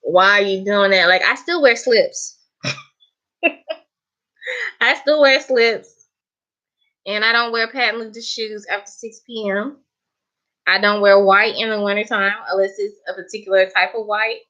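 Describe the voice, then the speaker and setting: A woman's voice: mid-range voice, fairly even intonation, unhurried, long pauses, bright, forceful tone, dull audio. A Southern woman chatting casually to her viewers, laughing often and calling them honey. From American South. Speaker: vlogger. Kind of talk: casual chat to camera.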